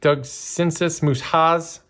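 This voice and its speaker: Chatty, excitable man unboxing cards. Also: a little high, takes it slowly. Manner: chatty, excitable, many fillers. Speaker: card breaker. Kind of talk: casual unboxing commentary.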